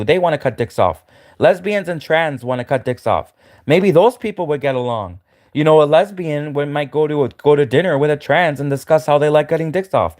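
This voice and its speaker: A man with a fairly high voice rants at the camera. He stammers, restarts his sentences and repeats himself in a mocking tone. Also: darkish tone. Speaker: livestreamer. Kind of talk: ranting monologue to camera.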